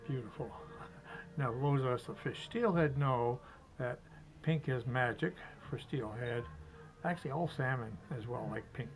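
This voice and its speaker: A man's voice: mid-range voice, measured pace, rough recording. Chatty man tying flies. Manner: chatty, talks to himself while working, chuckles. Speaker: fly-tying instructor. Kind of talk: casual step-by-step demonstration.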